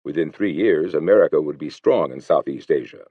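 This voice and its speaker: A man's voice: very deep voice, brisk, breathy edge, dry recording, exaggerated voice. A man voicing a stubborn, evasive admiral who speaks emphatically. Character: stubborn older Japanese admiral, evasive and hawkish. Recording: slightly muffled dry recording.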